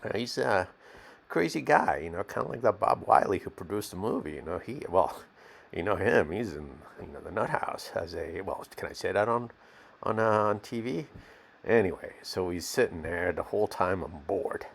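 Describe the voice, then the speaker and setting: A man's voice: sits low, lively intonation, moderate pace, vocal fry, exaggerated voice. A man playing a streetwise, cigar-smoking male non-actor who rambles in slang with lots of fillers in a mock documentary interview. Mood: grumbling.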